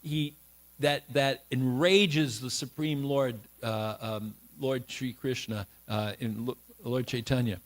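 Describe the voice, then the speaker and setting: A man giving a morning scripture class at a temple, retelling a sacred story loosely with many pauses, fillers and restarts. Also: mid-range voice, fairly even intonation. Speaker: class speaker. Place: temple hall.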